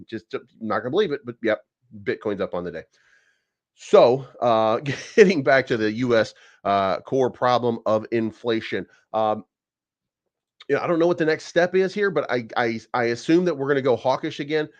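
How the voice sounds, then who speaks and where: A man hosting a crypto channel, giving rambling, profane market commentary with many restarts. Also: medium pitch. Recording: dull lo-fi sound.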